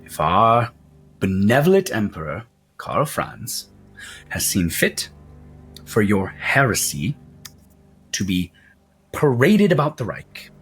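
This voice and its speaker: A cold, arrogant witch hunter captain who drawls out every word with quiet menace, as a man puts him on. The delivery is slow and measured, pitched a little lower than a normal speaking voice. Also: big pitch swings, breathy edge, soft background music, full character voice.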